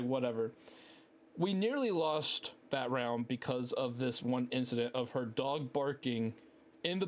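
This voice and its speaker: A man's voice: medium pitch, slight background noise. Brief: man in his thirties, podcast host on a headset, loose, cussing, self-deprecating storyteller. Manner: rambling, profane, self-mocking. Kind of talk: casual solo podcast storytelling.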